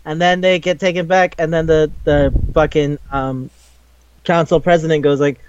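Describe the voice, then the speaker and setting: A man recapping an anime episode in casual chat, animated and profane, acting out the characters' lines. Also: on the high side, moderate pace, clear, resonant tone, muffled recording. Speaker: podcast co-host.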